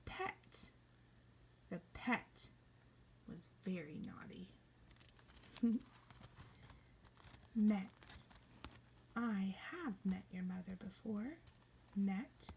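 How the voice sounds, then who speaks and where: A woman teaching a kindergarten reading lesson, playful, slipping into high excited cries and soft whispers. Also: extremely slow, long pauses, a little hiss or hum.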